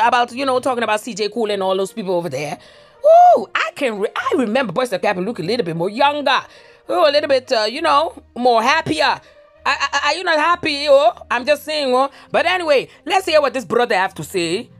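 A woman's voice: high voice, expressive, fast, soft background music. A woman reporting on YouTube drama in a chatty, playful, exclamatory manner. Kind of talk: drama commentary vlog.

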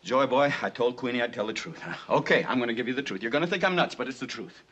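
A husky streetwise gangster. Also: male voice, medium pitch, quick pace, a bit bright, highs cut off. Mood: defiant. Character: brash fast-talking gangster, middle-aged man. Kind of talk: 1960s film comedy acting.

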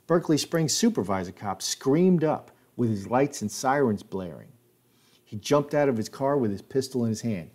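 A man's voice: fairly low pitch, normal speed, warm tone. A man recounting his own life story in a casual, spoken way with plenty of filler words. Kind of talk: casual spoken memoir narration.

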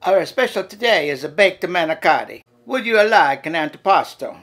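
A man's voice: on the high side, animated, normal speed, a bit bright, pitched above the performer's own voice. A man doing a chatty Italian waiter. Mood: effusive. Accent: put-on Italian. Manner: sing-song, Italian words sprinkled in.

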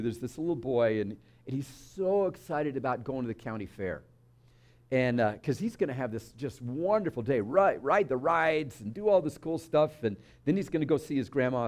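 Man preaching in a conversational, storytelling way, somewhat high voice with a lot of pitch movement. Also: a little mellow. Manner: conversational, storytelling with audience asides. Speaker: speaker at a spiritual community service. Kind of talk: sermon. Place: church service.

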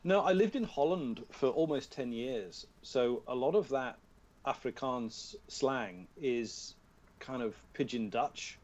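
A man's voice: mid-range voice, takes it slowly, a little mellow, muffled recording. A man with a British accent, a guest voice actor chatting casually over a video call on a tablet, talking through what he is doing and laughing at himself.

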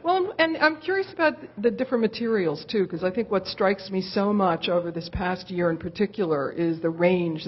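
A woman's voice: lowish voice, dull audio. A woman interviewing an artist onstage, asking long, thoughtful questions that search for words with many fillers. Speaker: interviewer, curator. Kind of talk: live onstage conversation.

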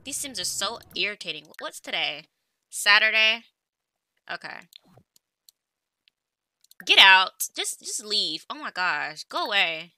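A woman's voice: mid-range voice, big pitch swings, measured pace, pushed and bright, dry recording. A woman giving casual gameplay commentary, chatty and easily exasperated, talking back to the characters on screen. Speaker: let's play gamer.

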